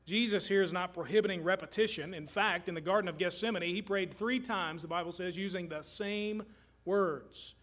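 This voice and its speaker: A middle-aged man from Kentucky delivers a sermon from the pulpit. His voice sits high for a man, and his earnest, emphatic delivery leans on repetition to drive each point home. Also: moderate pace, a bit bright. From Kentucky, USA. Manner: earnest, emphatic preaching with repeated phrases. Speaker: pastor.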